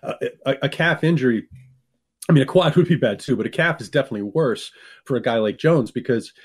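A man's voice: mid-range voice, animated, a little fast, husky. Sports radio guy breaking down injuries, earnest, kinda rambly. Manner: rambling, earnest explainer with restarts. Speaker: radio co-host, fantasy football analyst. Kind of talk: casual sports radio chat. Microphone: studio microphone.

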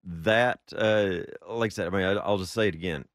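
A man with a fairly low voice talks on a motorsport podcast. He is casual and makes dry quips between points. The sound is dry and close. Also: moderate pace, no room sound. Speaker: podcast co-host.

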